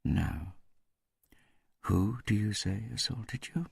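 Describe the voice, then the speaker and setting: A man voicing a cold, bored male interrogator in an audiobook, who speaks quietly, slowly and without interest. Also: fairly low pitch, gravelly, breathy edge, dry recording, clean studio sound, pitched above the performer's own voice, exaggerated voice. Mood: musing. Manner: quiet, slow, disinterested.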